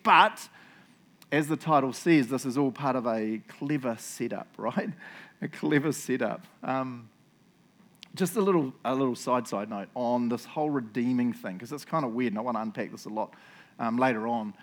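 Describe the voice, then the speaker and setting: A man's voice: on the high side, normal speed. A man giving a casual, playful Bible talk, joking and chatting with his listeners. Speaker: preacher.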